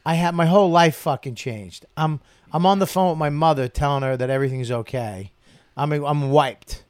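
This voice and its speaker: A man's voice: fairly high pitch, moderate pace, dry recording, clean studio sound. A man, a comedian telling a profane story in casual chat. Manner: profane, animated, loud storyteller. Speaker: guest comedian.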